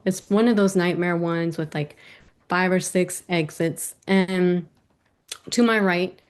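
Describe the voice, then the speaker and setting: Middle-aged woman for a live story slam, lively, wry, plays the voices in her story. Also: mid-range voice. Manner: lively, self-mocking, acts out quoted voices. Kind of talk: personal story told to a virtual audience.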